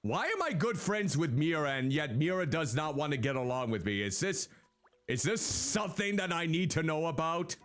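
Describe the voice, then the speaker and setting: Lively male streamer chatting over gameplay. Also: a little high, normal speed. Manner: animated, talks to the game characters. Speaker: VTuber streamer. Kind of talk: casual gameplay commentary. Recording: faint game music behind.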